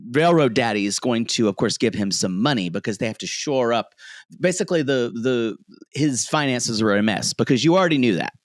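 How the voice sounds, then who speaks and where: A man co-hosting a podcast, telling a recap in an animated way. He bounces all over his pitch and slips into playful put-on voices for quotes, laughing as he goes. The sound is dry and close. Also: no room sound. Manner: animated storyteller, acts out quotes, laughs often. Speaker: podcast co-host. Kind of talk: casual recap chat. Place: home, street noise outside.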